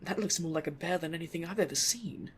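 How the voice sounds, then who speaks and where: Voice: mid-range voice, fast, slightly rough. A reader voicing a grave, authoritative male noble leader in a storybook reading. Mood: puzzled.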